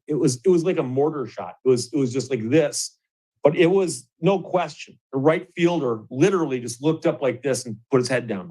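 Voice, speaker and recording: A middle-aged man from Michigan with a slightly high voice, hosting and telling a long story. He talks casually and animatedly, chuckles often, and restarts his sentences as the story builds. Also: a little mellow, low-quality recording. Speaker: host.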